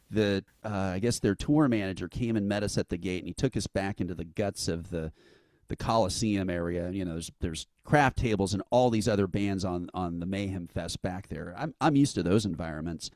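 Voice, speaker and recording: A low-voiced man, recorded without echo, is interviewed as the founder of an event. Telling a long, casual anecdote, he animatedly acts out what people said, laughing as he goes.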